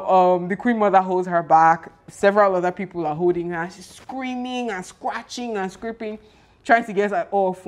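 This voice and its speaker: A young woman, casually chatting and recapping a TV series in an animated, exclaiming way. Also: mid-range voice. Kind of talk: casual chat.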